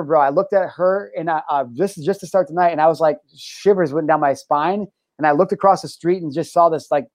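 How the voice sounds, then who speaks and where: Young guy telling a story, swears a lot, says bro, a bit high voice, dry sound. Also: no echo. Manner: profane, animated, says "bro". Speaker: guest. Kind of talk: casual storytelling.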